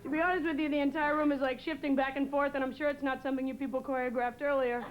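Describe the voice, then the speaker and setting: High-pitched woman comic, from New England, rambling and hesitant; noisy live-audience studio. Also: flat delivery, muffled recording. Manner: rambling, halting delivery with many "uh"s. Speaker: stand-up comedian. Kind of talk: stand-up comedy set. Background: audience laughter.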